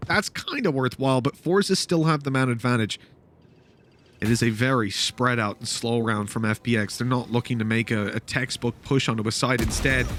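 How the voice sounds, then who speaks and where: A man's voice: medium pitch, fairly bright tone, a little hiss or hum. A man casting an esports match, calling the action with joking, self-mocking banter. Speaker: esports caster. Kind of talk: play-by-play commentary.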